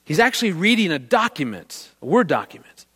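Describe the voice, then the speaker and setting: A middle-aged man giving a talk on marriage, telling a story to an audience and acting out the people in it with lively voices. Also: fairly high pitch, brisk, breathy edge. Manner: animated, acts out the people in his story.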